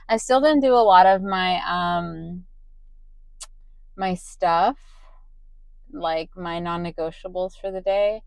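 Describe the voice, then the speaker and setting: A woman's voice: fairly low pitch, takes it slowly, vocal fry, pauses often, clean tone, no room sound, poor audio. A young woman vlogging late at night with a tired voice, rambling with many ums and restarts. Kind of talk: casual late-night vlog talk.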